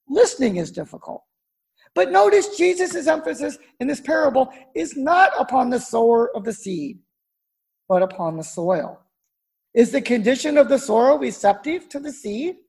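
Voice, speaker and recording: A woman pastor delivering a sermon in a measured storytelling voice. Her tone sits high with a gravelly, fry-touched edge. She lets key words fall low and quiet for emphasis.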